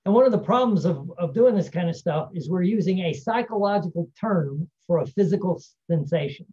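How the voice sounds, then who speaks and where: A man's voice: sits high, lively intonation, a little fast, mellow, dull audio. A man giving a casual self-help talk, rambling and often tagging his points with "right?". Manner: rambling, frequent "right?" tag questions. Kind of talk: casual teaching monologue.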